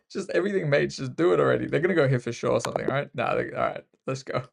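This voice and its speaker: A man's voice: mid-range voice, quick pace, gravelly. A man with an Australian accent giving casual, self-mocking live commentary while playing chess. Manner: self-mocking, joking banter with the opponent. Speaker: chess streamer.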